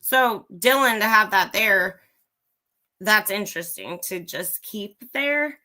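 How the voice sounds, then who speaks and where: A woman's voice: mid-range voice, animated, slow pace, bright, forceful tone. A woman hosting a livestream, giving a blunt, profane opinion rant straight to her viewers. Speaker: livestream host. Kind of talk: ranting live commentary.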